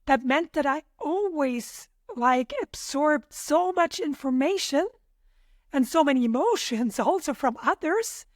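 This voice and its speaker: Her voice is high with lively intonation, and she takes her time: an Austrian woman, a native German speaker, reflecting on her own experiences as a podcast guest. She hesitates thoughtfully and uses many fillers. The recording is dry and clean, studio quality.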